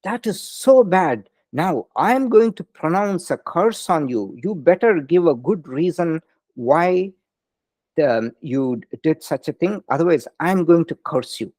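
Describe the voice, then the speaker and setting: A man's voice: on the high side, sing-song, a little slow, warm tone, no echo, pitched above the performer's own voice. A man voicing an indignant ancient male sage who threatens curses, speaking in raised, outraged questions. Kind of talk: storytelling in a lecture.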